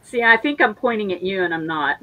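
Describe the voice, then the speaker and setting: A woman's voice: mid-range voice, expressive, a little fast, muffled recording. A woman co-hosting a casual livestream, chatty and jokey, telling stories. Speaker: co-host.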